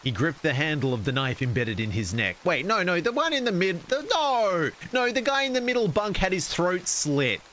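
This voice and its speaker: A man's voice: sits high, lively intonation, normal speed, hardly any pauses, fairly bright tone, a little hiss or hum, rough recording. A man streaming, casually reading a horror story aloud and cracking jokes to chat. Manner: casual, wisecracking asides to chat.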